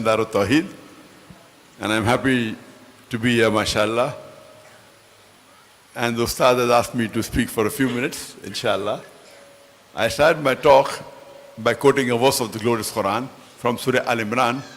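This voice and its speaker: A man giving a formal religious lecture as the invited speaker, measured and reciting scripture. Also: medium pitch, a bit bright, slight background noise. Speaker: guest lecturer.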